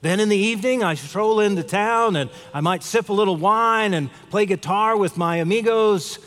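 A man voicing a calm, contented village fisherman who speaks simply and politely. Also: high voice, moderate pace, pitched above the performer's own voice. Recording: long hall reverb.

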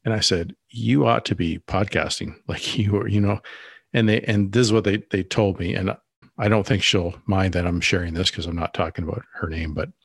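Casting note: low-voiced male podcast co-host, loose rambling delivery, dry close mic. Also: vocal fry, a bit bright, no echo. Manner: rambling, frequent restarts and asides. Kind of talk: casual podcast conversation.

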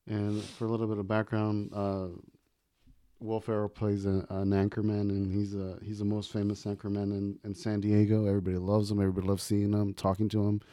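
A man's voice: lowish voice, warm tone, no room sound, studio quality. A man co-hosting a podcast, chatting casually about movie quotes in a laid-back, rambling way and laughing often. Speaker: podcast co-host.

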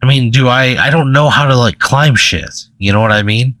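A man in casual comedy podcast chat, laid-back with quick reactive asides. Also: medium pitch, bright, forceful tone, no room sound. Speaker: podcast co-host.

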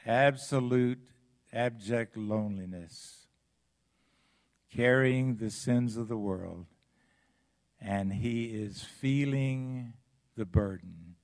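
Slow, dramatic male preacher. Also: mid-range voice. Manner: slow, dramatic preaching with sudden loud and hushed passages. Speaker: pastor. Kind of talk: sermon.

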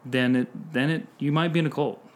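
A man's voice: medium pitch, fairly even intonation, fairly quick. A man chatting casually on a podcast, telling a self-mocking story and often laughing at himself. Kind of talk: casual chat.

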